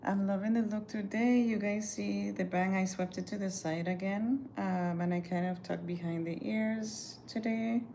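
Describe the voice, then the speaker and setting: Gravelly woman telling a story. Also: medium pitch, normal speed, hardly any pauses, slight background noise. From Caribbean. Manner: animated, profane, chatty, acts out quotes. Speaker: livestreamer. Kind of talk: casual storytelling livestream.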